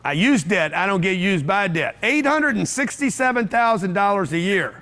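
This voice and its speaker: Speaking at normal speed with a sharp tone, a high-voiced man rallies a live audience in an event room. He's animated, brash and punchy, driving home repeated phrases like a motivational seminar speaker.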